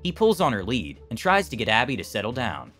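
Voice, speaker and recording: A man reading out an online story as the narrator, in an expressive storytelling way. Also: mid-range voice, a little fast, soft background music.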